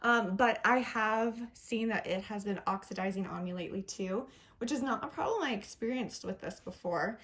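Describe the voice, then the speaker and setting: A young woman with a medium-pitched, slightly bright voice chats casually at normal speed through a makeup review. The beauty vlogger is upbeat and chatty, punctuating things with little self-deprecating laughs.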